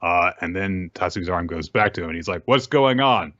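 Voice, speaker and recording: A man's voice: sits low, level tone, fast, sharp tone, dry recording. A man co-hosting a podcast, recapping a manga chapter casually with many fillers and restarts. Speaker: podcast co-host. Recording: dull dry lo-fi recording.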